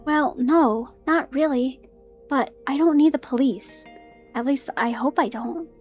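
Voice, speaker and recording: A woman's voice: high voice, measured pace, darkish tone, soft background music. A woman reading a shaken young woman caller. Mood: hesitant.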